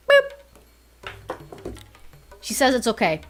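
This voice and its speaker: A woman's voice: fairly high pitch, animated, slow pace, faint music behind. A young woman streaming casually as a VTuber, rambling and laughing often, repeating herself as she goes. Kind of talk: casual chat.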